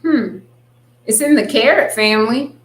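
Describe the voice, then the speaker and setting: A woman's voice: a little high, lively intonation, measured pace, roomy sound, rough recording. A woman hosting a casual live stream, chatting and reading viewer comments aloud. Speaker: host.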